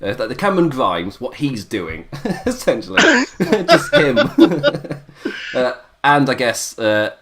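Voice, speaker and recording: A man's voice: mid-range voice, wildly swooping pitch, takes it slowly, over a noisy crowd. Laughing English man in casual chat. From England. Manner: laughs often, rambling. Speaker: podcast host. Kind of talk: casual wrestling review chat.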